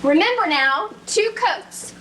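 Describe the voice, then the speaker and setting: A woman's voice: extremely high pitch, animated, takes it slowly, noisy background, exaggerated voice. A woman playing a timid, dutiful young servant in a stage play, speaking in a polite, nervous, folksy manner.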